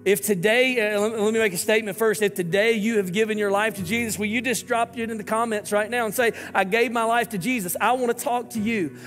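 A man's voice: sits high, fairly bright tone, big-room sound. A man, a lead pastor, giving an earnest, pleading sermon and prayer to viewers watching online.

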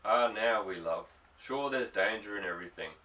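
A man's voice: fairly low pitch, moderate pace, sharp tone, distant mic, rough recording. A man voicing an earnest young fisherman. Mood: coaxing. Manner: coaxing, affectionate.

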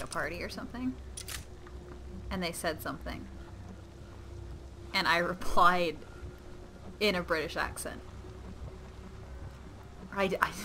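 A young woman giving excitable, giggly let's-play commentary at home while gaming. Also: on the low side. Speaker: gamer. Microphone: webcam or desk mic. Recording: noisy game audio behind.

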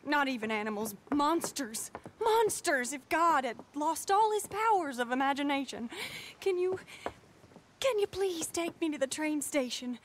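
A woman's voice: high voice, animated, normal speed, slight background noise. An actress playing an earnest, emotional young woman in a video game cutscene. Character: earnest young woman in love, fleeing her family. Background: loud game music.

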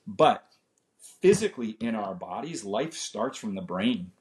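A Canadian chiropractor appears as a guest in a casual chat, his low voice swinging widely in pitch at a slightly slow pace. Earnest and faith-filled, he often says "right?" and "man."

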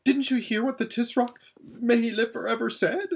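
A man voicing a frightened, whimpering young noblewoman in a storybook reading, squeaky and tearful. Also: fairly even intonation, normal speed, vocal fry, husky, full character voice. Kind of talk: storybook read-aloud.

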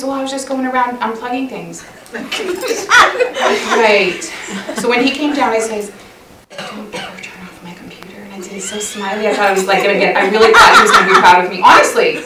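A middle-aged woman with a medium-pitched voice tells a chatty, self-mocking story to a church women's session, laughing often. She's in a church hall, and the mic sits at a distance, giving a roomy sound with heavy background noise.

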